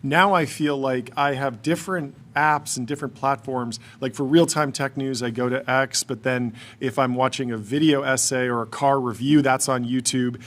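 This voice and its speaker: A man co-hosting a podcast who asks long questions and jumps in with quick agreement. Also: mid-range voice, fairly even intonation, a bit bright. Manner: eager, lots of quick agreement. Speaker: podcast co-host. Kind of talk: casual podcast interview.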